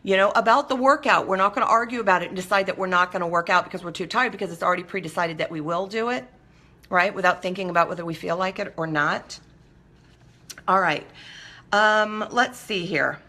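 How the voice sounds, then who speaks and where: Bright-voiced woman host. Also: mid-range voice, fairly quick. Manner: animated, acts out quoted voices. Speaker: talk show host. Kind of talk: casual monologue to viewers.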